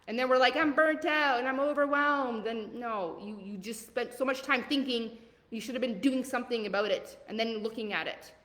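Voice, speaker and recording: A woman coaching leaders in a live online masterclass. She talks casually and bluntly, swears now and then, and swings between loud punchy calls to action and soft asides. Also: a little high, in a large hall. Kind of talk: motivational masterclass talk.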